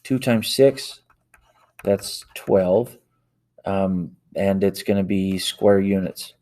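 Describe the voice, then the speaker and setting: A man's voice: low-pitched, slow pace, dark tone. A man teaching a math lesson, working problems aloud step by step and correcting himself as he types into a calculator. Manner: talks aloud while typing into a calculator, self-correcting. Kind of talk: worked-example math lesson.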